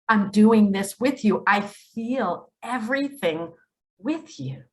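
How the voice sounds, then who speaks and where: A middle-aged woman hosting a spiritual talk, speaking earnestly and emphatically, often pleading, and dropping to a hush for quoted words. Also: medium pitch, animated, takes it slowly. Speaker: spiritual video host. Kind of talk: earnest direct-to-camera monologue.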